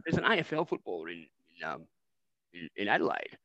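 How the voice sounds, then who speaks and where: An Australian man co-hosting a satirical podcast, rambling and animated, swearing freely in casual banter. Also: sits low, brisk, gravelly, no echo, muffled recording. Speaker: podcast co-host.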